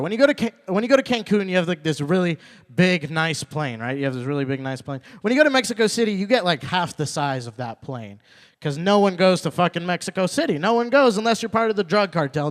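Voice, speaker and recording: A young man performing a stand-up set at an open mic, repeating his punchlines and working up to loud, indignant rants. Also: high-pitched, lively intonation, fast. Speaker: stand-up comedian. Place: open mic comedy night venue.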